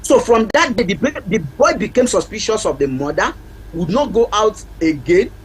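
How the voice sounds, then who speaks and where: A man's voice: high voice, expressive, normal speed, slight background noise, poor audio. A man, a parenting counselor and guest on a TV talk show, speaking earnestly and repeating his key points for emphasis. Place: TV studio.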